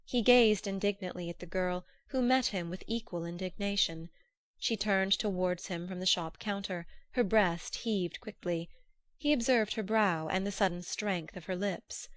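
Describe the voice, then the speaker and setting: Female audiobook narrator, mid-range pitch, steady and measured, dry close recording. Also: dry recording.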